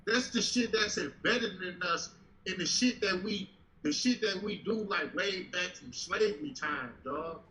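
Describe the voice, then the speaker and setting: A man on a podcast panel, explaining his point slowly and deliberately in casual, profane talk. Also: sits high, sharp tone, poor audio. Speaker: panel member.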